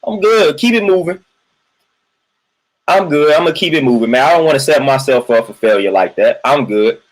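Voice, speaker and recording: A man with a mid-range voice vents quickly in a casual livestream monologue, the audio poor. As the livestream host, he hammers his points home through repetition, keeps tacking "man" onto his lines, and stops to greet viewers from the chat.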